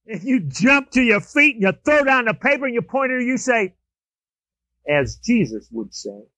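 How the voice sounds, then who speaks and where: A man preaching a sermon, telling humorous everyday stories with animated swings in pitch and loudness. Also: a little fast, dry recording. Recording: dull, lo-fi dry recording.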